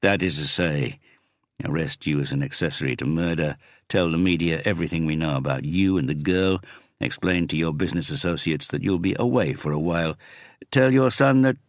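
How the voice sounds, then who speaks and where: A man voicing a cold, pressing police chief inspector in an audiobook, speaking in a measured, icy way. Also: very deep voice, no echo, studio quality. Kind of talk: audiobook character reading.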